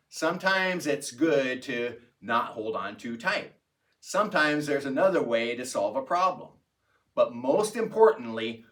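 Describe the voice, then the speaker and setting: Bright-voiced man telling a memory. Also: medium pitch, far from the mic. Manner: reflective, unhurried storytelling. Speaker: storyteller. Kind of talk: personal anecdote narration. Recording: voice set back from the mic.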